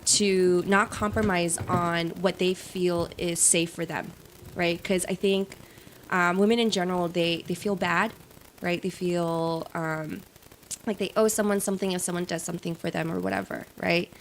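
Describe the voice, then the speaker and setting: A woman's voice: fairly low pitch, moderate pace, slight background noise. A woman guest on a podcast, telling a personal story in casual chat with lots of "like" and "right?". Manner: animated storyteller, many "like" and "right?".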